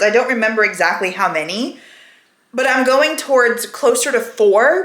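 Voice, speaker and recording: Woman vlogger, casual and chatty, bright tone, echoey room. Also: mid-range voice. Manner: rambling, candid, chatty. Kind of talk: casual weekly vlog chat. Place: at home, indoors.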